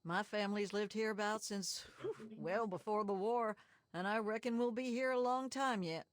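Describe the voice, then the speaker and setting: A woman's voice: medium pitch, normal speed, dry recording, clean studio sound, lightly acted. An actress voicing a sly, folksy backwoods moonshiner woman with a Southern drawl in a game. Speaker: game character.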